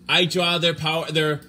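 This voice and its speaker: A man hosting a livestream show, talking off the cuff in a halting, stammering way, earnest and defensive. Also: a little high, bright, forceful tone. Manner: halting, stammering, restarts sentences. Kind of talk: unscripted livestream talk.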